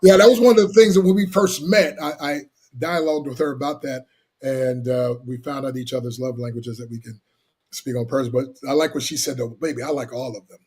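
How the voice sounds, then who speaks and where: A middle-aged man telling animated stories about his marriage, laughing often and wandering off on tangents. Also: medium pitch, brisk, slightly rough. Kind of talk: animated testimony.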